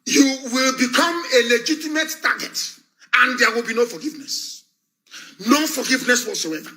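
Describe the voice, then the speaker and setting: Fiery high-voiced Nigerian man. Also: animated, normal speed, pushed and bright. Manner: fiery, scornful, mocking, repeats phrases for emphasis. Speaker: broadcaster addressing followers. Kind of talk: impassioned live political address.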